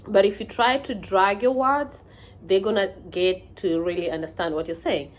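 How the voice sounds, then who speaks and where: A woman's voice: medium pitch, normal speed. A woman from Kenya with a Kenyan accent, giving casual advice in a vlog, talking conversationally with many fillers and restarts.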